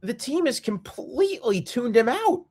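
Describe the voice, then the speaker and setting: Male podcast host, fed-up solo rant, lively swinging pitch. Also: measured pace, breathy edge. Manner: exasperated, repetitive, emphatic.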